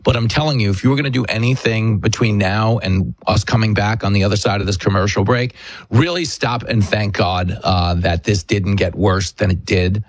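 Husky-voiced combative male talk host. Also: on the low side, moderate pace, dry recording. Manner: combative, emphatic storyteller. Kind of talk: political commentary monologue.

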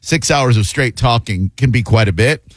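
In a radio studio, a man in his fifties stands in as talk radio host, chatting casually and telling wandering, self-deprecating stories thick with fillers. Through a studio broadcast mic his mid-range voice comes across at a moderate pace with no echo.

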